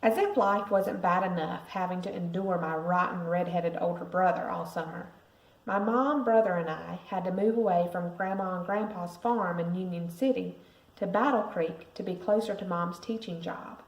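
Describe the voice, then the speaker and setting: A woman, a parent, reading a picture book aloud to a school class with lively expression. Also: on the low side, moderate pace. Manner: expressive storytelling. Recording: roomy echo.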